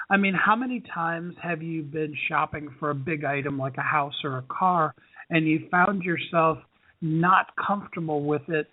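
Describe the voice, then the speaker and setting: A man's voice: a little high, dry recording. Man talking over a tinny line. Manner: folksy, earnest, asks guest questions. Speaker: podcast host. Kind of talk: conversational interview.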